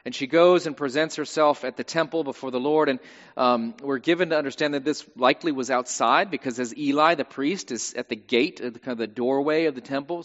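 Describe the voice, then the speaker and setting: A male pastor delivers a sermon in a relaxed, conversational way with wry asides. His voice sits slightly high for a man. The recording is dull and lo-fi, with a long church reverb.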